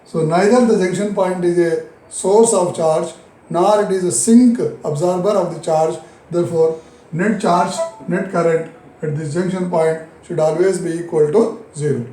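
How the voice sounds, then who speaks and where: A man with an Indian English accent teaching a physics lesson, repeating key phrases slowly and answering his own questions. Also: high-pitched, warm tone, roomy sound, rough recording. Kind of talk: recorded classroom lesson.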